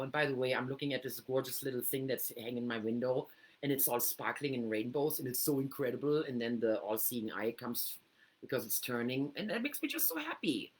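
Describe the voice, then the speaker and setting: Animated middle-aged woman teaching. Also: extremely low pitch, breathy edge. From Germany. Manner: animated, acts out inner voices with big swings. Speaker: host. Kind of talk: casual teaching talk to camera. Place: home room by a computer.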